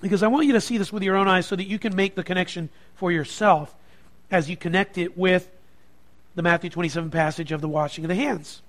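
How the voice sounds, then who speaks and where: High-voiced man preaching a sermon. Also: quick pace. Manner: animated preaching, swinging from quiet to emphatic. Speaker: pastor.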